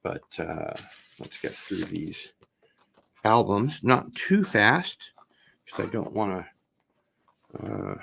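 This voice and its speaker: A man hosting a casual unboxing video, chatting in a relaxed, rambling way and getting excited about vinyl records. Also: lowish voice, creaky, slight background noise. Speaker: host.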